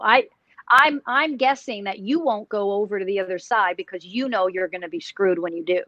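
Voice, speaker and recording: A woman psychic on a live paranormal show, talking haltingly with many restarts as she questions a spirit. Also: mid-range voice, sharp tone, no room sound. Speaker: psychic, remote viewer. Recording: dull dry lo-fi audio.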